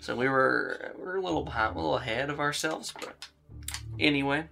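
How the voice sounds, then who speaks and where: Dude game-mastering a spooky tabletop game, jokey and loose. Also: male voice, mid-range voice, brisk, creaky, sharp tone, faint music behind. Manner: joking, loose and chatty. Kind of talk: running a tabletop horror game.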